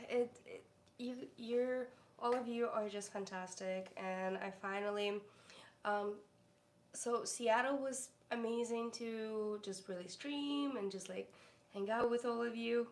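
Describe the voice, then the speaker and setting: Woman streamer, higher voice, slow rambling chat, echoey room with faint hiss. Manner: chatty and rambling, cooing baby talk to her dog. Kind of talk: casual live-stream chat.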